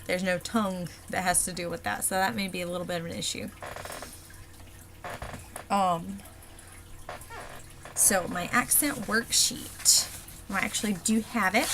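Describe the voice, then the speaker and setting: A woman dialect coach walking through an accent worksheet, pausing often with ums as she explains the sounds. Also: medium pitch, noisy background. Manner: halting, many ums and pauses.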